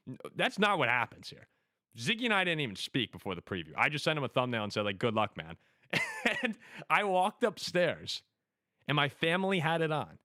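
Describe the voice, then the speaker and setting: Man, sports host, animated storytelling, bright forceful voice, dry close sound. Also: medium pitch, a little fast, dry recording. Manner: animated storytelling, laughs often. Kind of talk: casual sports chat.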